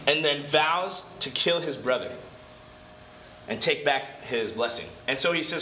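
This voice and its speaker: A man's voice: fairly high pitch, measured pace, long pauses, sharp tone, slight background noise. Chatty man teaching a Bible lesson. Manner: chatty, digressive, self-correcting. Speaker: Bible study leader. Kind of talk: casual Bible lesson retelling. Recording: echoey room, slightly dull.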